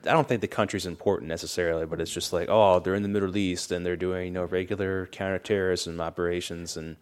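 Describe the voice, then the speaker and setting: A man with a very low, deep voice chats casually on a podcast. He explains things in a knowing, sardonic way. His delivery is relaxed and conversational. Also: fast talker, clear, resonant tone. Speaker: podcast co-host. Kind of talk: casual chat.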